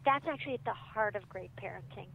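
A woman's voice: mid-range voice, fast, creaky. A woman, a parenting author, chatting casually in an interview and acting out what parents and kids say. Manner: animated, acts out quoted parents and kids. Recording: phone-line audio with faint noise.

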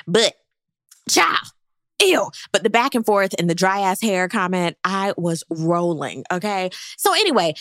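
A pregnant woman giving a blunt, sassy recap in casual chat, jumping into high mock voices. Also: very animated, normal speed, a bit bright, dry recording, clean studio sound. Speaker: reality TV recap host.

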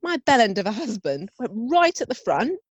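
A woman's voice: on the high side, normal speed, husky, dry recording. A woman chatting casually, telling a family story with acted-out voices and laughter. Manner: animated storyteller, acts out voices, laughs often.

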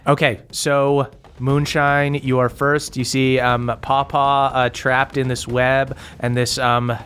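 A young man narrating as a game master in a relaxed way, with many ums and uhs. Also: mid-range voice, takes it slowly, clean tone.

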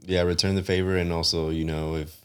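A man co-hosts a casual podcast with a very deep, low voice. He talks bluntly and with emphasis and swears freely. His replies are short and direct. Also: little pitch movement, a little fast, smooth. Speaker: podcast co-host.

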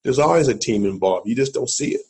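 Husky-voiced man telling animated stories. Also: medium pitch, quick pace, rough recording. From Columbus, Ohio, USA. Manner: animated storyteller, acts out quotes, talks to the listener. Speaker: guest, motivational speaker and former football player. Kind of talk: storytelling in a podcast interview.

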